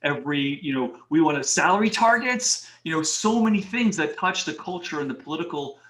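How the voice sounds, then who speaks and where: Animated middle-aged man in a roomy space. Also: on the high side, a little fast. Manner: animated, acts out quoted dialogue, many "you know" fillers. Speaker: HR and talent advisor, interview guest. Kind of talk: casual interview storytelling. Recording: roomy echo.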